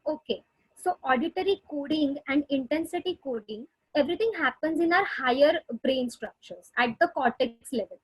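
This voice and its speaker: A woman's voice: sits high, moderate pace, no echo, poor audio. A woman speech therapist giving a webinar lecture over a video call, explaining patiently with many fillers and restarts. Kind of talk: webinar lecture answering questions.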